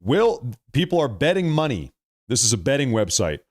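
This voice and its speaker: A man's voice: medium pitch, sing-song, normal speed, no echo. Guy hosting a live politics stream, hammers his points over and over, dry close sound. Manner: emphatic, repeats himself for effect; addresses viewers as folks. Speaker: livestream political commentary host. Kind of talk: partisan live commentary.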